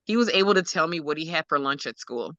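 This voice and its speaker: Expressive mother telling a family story. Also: low voice, quick pace, dry recording, highs cut off. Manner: expressive, acts out quotes, laughs often. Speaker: guest, parent of an autistic son. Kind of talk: emotional personal storytelling.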